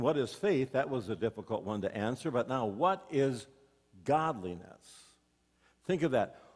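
In a church sanctuary with long, hall-like reverb, a male pastor with a medium-pitched, breathy voice delivers a sermon. He spins folksy stories and asks his congregation questions.

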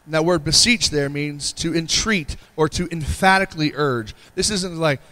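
An earnest middle-aged man preaching a sermon. His voice sits a little higher than most men's, and he leans into repetition and urgent appeals, stopping often for an "Amen.". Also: moderate pace, pushed and bright. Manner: earnest, repetitive pleading delivery with frequent "Amen". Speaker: pastor.

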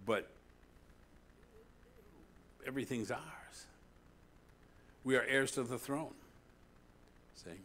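Pastor guy preaching, gets loud then drops real quiet, mid-pitched voice, keeps going "see?". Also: slow, pauses often. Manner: animated preaching, swinging from loud to hushed; repeats "See?" to the congregation. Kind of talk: sermon.

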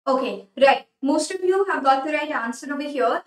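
A woman's voice: high voice, animated, moderate pace, recorded from a distance. A young woman with an Indian English accent teaching a live online exam-prep lecture, switching between English and Hindi and repeating her key points. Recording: echoey room, voice off-mic.

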